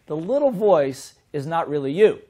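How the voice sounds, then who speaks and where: A middle-aged man teaching a seminar as a business trainer, in a lively way that keeps asking the audience questions. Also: fairly high pitch, normal speed. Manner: lively, asks the audience many rhetorical questions.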